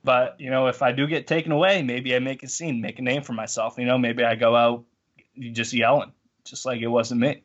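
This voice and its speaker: A man's voice: mid-range voice, fairly even intonation, fairly quick, highs cut off. A man, telling a story in a rambling, self-mocking way on a podcast. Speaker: podcast co-host. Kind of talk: casual storytelling.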